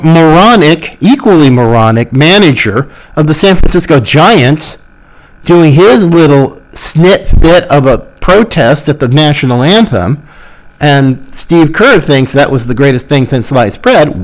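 A man's voice: a little high, animated, slow pace, poor audio. A man hosting a podcast, delivering sarcastic, exasperated political commentary. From Florida. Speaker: podcast host.

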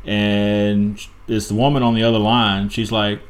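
A man's voice: on the low side, little pitch movement, measured pace. A man co-hosting a casual podcast, telling a long joke in a laid-back way with hesitations. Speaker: podcast co-host. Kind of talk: casual chat.

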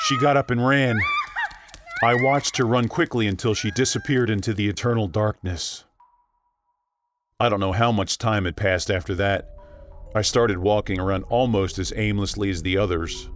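Man narrating a horror story over music. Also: on the low side. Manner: emotive, shifting between tense and hushed. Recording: music bed under the voice. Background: background music.

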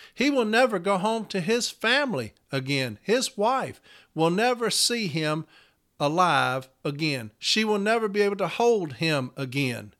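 A man's voice: a little high, a bit bright. A man hosting a podcast, delivering an angry, profane, repetitive rant to his listeners. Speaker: podcast host. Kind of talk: angry monologue.

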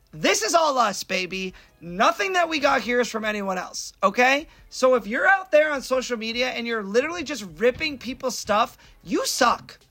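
A man's voice: extremely high pitch, pushed and bright. A man co-hosting a casual podcast, ranting emphatically about his pet peeves. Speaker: podcast co-host.

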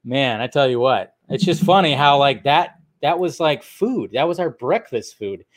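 A man's voice: mid-range voice, lively intonation, moderate pace. A man hosting a podcast, rambling through entertainment news with plenty of fillers, swearing and laughs. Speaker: podcast host. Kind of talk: casual solo news chat.

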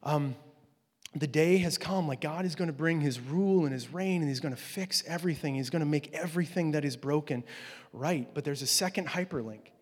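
A man's voice: fairly high pitch, brisk, slightly rough. A male pastor giving a conversational sermon, swelling to emphatic peaks as he drives his points home. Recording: long hall reverb.

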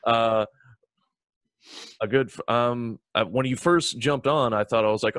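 A man's voice: mid-range voice, unhurried, fairly bright tone, slight background noise. A man hosting a podcast, teasing his guests with crude jokes in casual banter. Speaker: podcast host.

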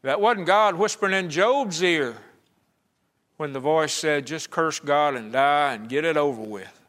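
A man's voice: on the high side, measured pace, fairly bright tone. A man preaching a conversational sermon at a church service, acting out the voices he quotes.

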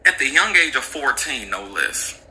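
Man telling a crime story, lively pitch, bright tone, faint background hum. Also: moderate pace, poor audio. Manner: joking, animated, slangy retelling. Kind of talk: casual storytelling commentary.

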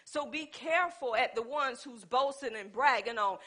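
A woman's voice: a little high, moderate pace, few pauses. A woman preaching a sermon in a conversational, storytelling way, speaking. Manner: animated, conversational, with dialect and storytelling.

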